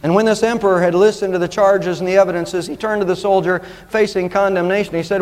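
A high-pitched male pastor preaching in an earnest, emphatic way, stretching out the words he wants to land. His voice rings with long reverb through a large church hall. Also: a little fast, a little mellow. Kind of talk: sermon.

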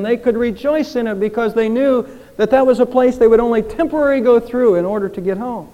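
A man's voice: extremely high pitch, muffled recording. A man preaching a sermon as pastor, earnest and pleading, with rhetorical questions that rise and fall in intensity. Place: church sanctuary. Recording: church hall with long reverb.

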